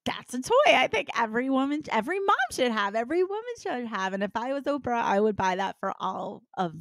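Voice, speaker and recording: Frank, animated woman guest on a dry mic. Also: fairly high pitch, a little fast, no room sound. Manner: frank, animated storyteller with big swings. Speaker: guest, intimacy business owner. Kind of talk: candid podcast interview.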